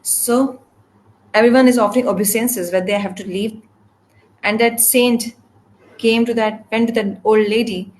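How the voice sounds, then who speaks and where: A woman interpreting a spiritual scripture class, speaking in halting phrases with restarts and repeated words. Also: on the high side, steady tone, darkish tone, low-quality recording. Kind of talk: translating a devotional scripture class.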